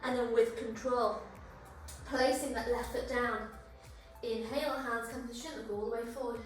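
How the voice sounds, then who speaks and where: Woman yoga teacher, high voice, a bit breathless, encouraging cues; heard far off in a very echoey room over music. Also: steady tone, normal speed. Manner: encouraging, cueing breath and poses. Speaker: yoga instructor. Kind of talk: guided yoga flow instruction.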